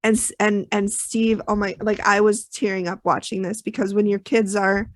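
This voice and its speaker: A woman's voice: mid-range voice, flat delivery, moderate pace, dry recording. A woman co-hosting a podcast, recapping a TV episode in a chatty, rambling way with many fillers. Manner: chatty storytelling with many ums and you knows. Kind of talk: casual chat.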